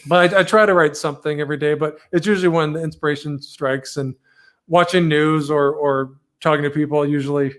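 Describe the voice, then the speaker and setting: A man's voice: a little high, fairly even intonation, brisk. Light-voiced man co-hosting a video chat. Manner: friendly, laughing easily. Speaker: co-host. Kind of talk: casual video-call interview. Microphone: video call.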